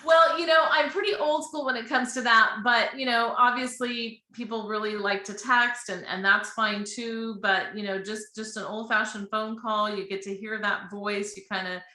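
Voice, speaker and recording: A woman's voice: on the high side, fairly even intonation, moderate pace, hardly any pauses, sharp tone. A woman guest talking earnestly and chattily about her work as a financial advisor, laughing readily on a remote live-stream call. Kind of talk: casual interview. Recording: echoey room.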